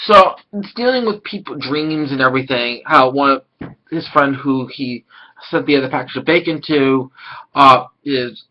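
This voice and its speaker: A man casually reviewing an anime episode, rambling and excitable, swearing now and then. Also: mid-range voice, normal speed, highs cut off.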